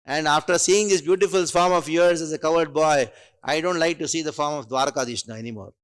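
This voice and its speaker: A man's voice: a little high, brisk, clear, resonant tone, natural voice. A man playing an adoring, gushing queen.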